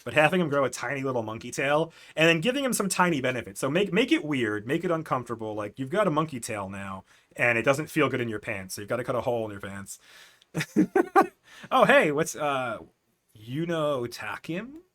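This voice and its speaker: A man's voice: mid-range voice, big pitch swings, a little fast, fairly bright tone. A man streaming as a game master, casually recapping his last tabletop session in a rambling, self-correcting way with frequent laughs.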